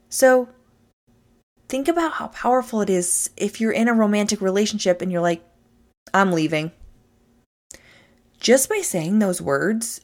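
Woman, motivational speaker, emphatic and animated, mid-pitched, talks straight at the listener. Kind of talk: motivational talk to camera.

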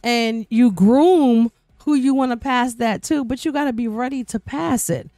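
A woman's voice: on the high side, a little slow, mellow, no room sound, soft background music. Chatty woman radio host, dry sound. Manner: talkative, repeats words and restarts, acts out quoted voices. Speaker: radio personality and guest host. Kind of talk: casual podcast chat, telling a personal story.

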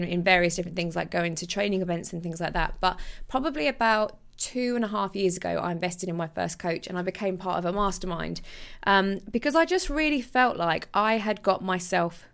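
A woman's voice: medium pitch, gravelly, fairly bright tone. A young woman hosting her podcast, chatting casually and animatedly with restarts and laughs. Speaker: podcast host. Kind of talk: casual solo podcast talk.

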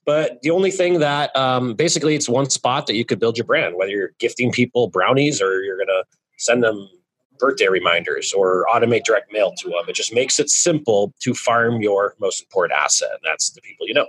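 A man guest in a casual interview, talking in energetic, joking bursts about his marketing business. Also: on the low side, brisk, husky, low-quality recording. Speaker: guest, real estate marketing business owner.

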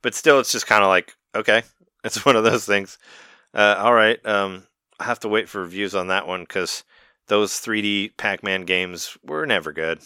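A man with a lowish, bright, forward voice, chatting casually and bluntly about games. He laughs easily and repeats words as he gets going. The recording is dry and close. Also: fairly even intonation, normal speed, clean tone, no echo. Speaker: podcast co-host. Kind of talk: casual chat.

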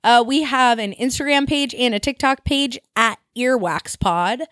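A woman's voice: on the high side, a little slow, no room sound, studio quality. A woman co-hosting a music podcast, chatting casually and reading out listener contact details. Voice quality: warm, giggly, chatty. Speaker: podcast co-host.

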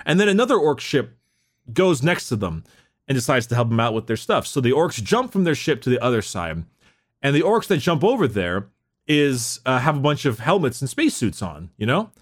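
A man's voice: medium pitch, very animated, brisk. A man telling stories in casual chat, laughing often and stumbling into restarts.

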